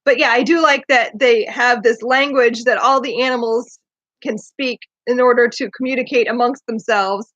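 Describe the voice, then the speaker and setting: A woman's voice: a little high, fairly even intonation, normal speed, fairly bright tone, no room sound. A woman hosting a casual book discussion, chatty and eager, who laughs often. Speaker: podcast host. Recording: dull lo-fi dry sound.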